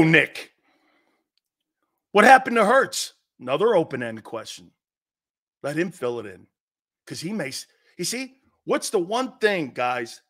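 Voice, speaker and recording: Pitched on the high side, this middle-aged man's voice hosts a casual sports talk. He lectures animatedly and fires off plenty of rhetorical questions.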